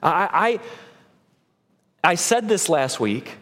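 A male pastor preaching a sermon in an earnest way, restarting phrases and jumping in pitch for emphasis. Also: sing-song, takes it slowly, fairly bright tone. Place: church sanctuary. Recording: long church-hall reverb.

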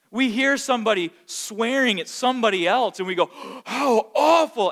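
A man preaching a sermon, emphatic and swinging between hushed and loud passages. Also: high voice. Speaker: pastor.

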